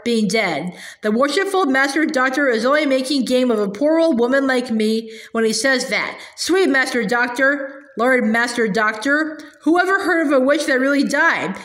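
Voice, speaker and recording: A wheedling old hag with a shrill, whining voice, voiced by a woman reading aloud. The pitch sits high, and the room rings around it. It is a storybook reading. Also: lively intonation, normal speed, hardly any pauses, fairly bright tone. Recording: roomy echo.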